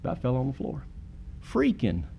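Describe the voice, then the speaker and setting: A man's voice: mid-range voice, huge pitch swings, moderate pace, vocal fry, dark tone, slight background noise. A man preaching a sermon in an earnest way, with sudden emphatic peaks.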